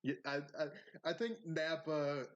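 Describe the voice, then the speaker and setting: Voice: medium pitch, slow. A podcast co-host talking in blunt, crude, casual chat. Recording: dull lo-fi sound.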